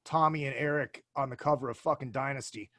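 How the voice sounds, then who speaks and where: A man from Minnesota, a podcast guest talking in casual, animated chat and swearing in passing. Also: mid-range voice, a little fast, dry recording, clean studio sound.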